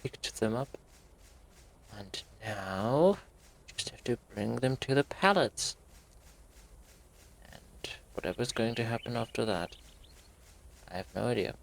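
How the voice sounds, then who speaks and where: A man giving let's play commentary on a horror game, thinking aloud in quiet asides and breaking into sudden swearing. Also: medium pitch, measured pace, creaky, pauses often. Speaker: gaming YouTuber.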